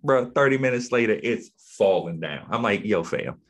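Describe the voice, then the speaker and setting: A man's voice: mid-range voice, lively intonation, moderate pace. A man hosting a casual podcast chat, laid-back and slangy, often repeating his words as he talks. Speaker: podcast host.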